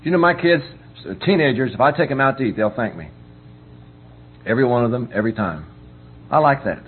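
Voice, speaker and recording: A man's voice: mid-range voice, expressive, fairly quick. A middle-aged man preaching a conversational sermon on parenting, folksy, often asking whether listeners understand. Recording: tinny phone-like recording with faint hum.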